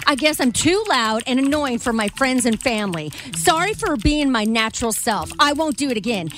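A woman voicing a loud, defensive young woman, reading sarcastic social media posts in character. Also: sits high, animated, normal speed.

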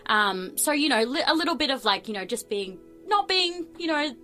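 A woman's voice: sits high, sing-song, moderate pace, sharp tone, faint music behind, poor audio. A young woman with an Australian accent, a podcast guest, talking reflectively with many fillers. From New Zealand-born, raised in Melbourne. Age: young adult. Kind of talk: casual chat.

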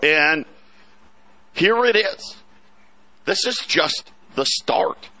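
A man hosting a markets talk show, animated and sarcastic, full of restarts and asides. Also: high-pitched, drawn-out words. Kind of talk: market commentary chat.

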